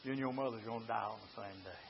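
Hushed sly devil, low and mocking, as an older preacher puts him on; muffled lo-fi sound. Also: male voice, quick pace, a little hiss or hum, close to an everyday voice. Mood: taunting. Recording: lo-fi recording.

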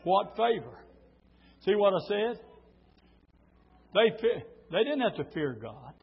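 A middle-aged man preaching a sermon, telling stories and swelling into shouted preaching, heard on a dull lo-fi church recording. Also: sits high, big pitch swings, slow pace, creaky, husky.

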